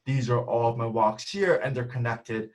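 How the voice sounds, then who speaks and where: Over a video call, a man presents a math seminar in a medium-pitched voice at normal speed. He works through the material step by step, frequently pausing to ask "right?"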